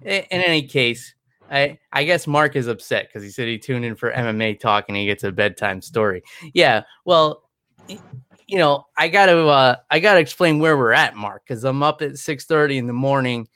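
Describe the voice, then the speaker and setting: A man's voice: mid-range voice, expressive, moderate pace, pushed and bright, no echo, studio quality. Tired, rambling man. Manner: rambling, chatty, many restarts. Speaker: podcast co-host. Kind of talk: casual chat.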